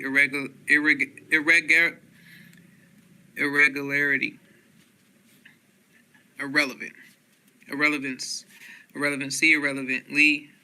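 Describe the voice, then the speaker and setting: A man reading dictionary entries aloud one word at a time, in a flat listing manner with occasional stumbles and restarts. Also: on the high side.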